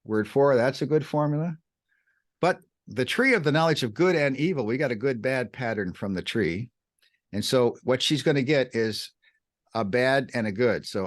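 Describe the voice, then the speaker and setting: A man co-hosting a podcast, teaching the Bible in an animated way, swinging his pitch up and down to stress words. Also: moderate pace. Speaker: podcast co-host.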